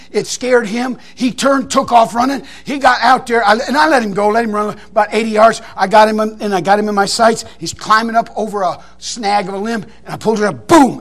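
A man, a preacher telling a folksy story in a sermon to a congregation, shouting out the lines he quotes. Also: very high voice, vocal fry. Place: church in front of a congregation.

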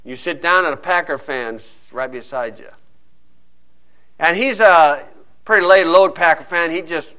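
A man preaching a sermon, telling a lively story and acting out quick asides from other people. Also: a little high. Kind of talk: sermon with a sports illustration.

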